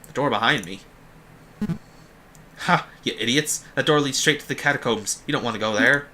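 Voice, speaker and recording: A man voicing a greedy, mouthy crow jail guard in a game, with a put-on vaguely Bostonian accent and rough slang. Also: mid-range voice, moderate pace, pushed and bright, slight background noise, close to an everyday voice. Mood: scornful. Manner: gruff, sneering, rough slang.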